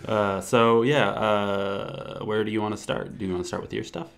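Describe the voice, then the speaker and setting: Low-voiced joking podcast co-host man. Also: normal speed, vocal fry. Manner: relaxed and joking, with filler restarts. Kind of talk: casual chat.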